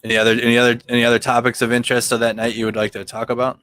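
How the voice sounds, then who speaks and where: A man co-hosting a casual online chat, quickly steering the clips and questions. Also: medium pitch, completely flat delivery, a bit bright. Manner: quick, directs clip playback.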